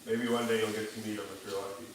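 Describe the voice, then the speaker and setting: A man's voice: fairly low pitch, little pitch movement, quick pace, noisy background. A man hosting a livestream, chatting casually and reading viewer comments in a laid-back, joking and profane way. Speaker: livestream host. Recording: echoey room.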